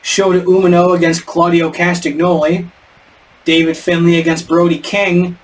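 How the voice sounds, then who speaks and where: A man's voice: fairly high pitch, little pitch movement, normal speed. A man co-hosting a podcast in casual chat, rambling and stumbling over names. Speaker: podcast co-host. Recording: distant mic with faint background noise.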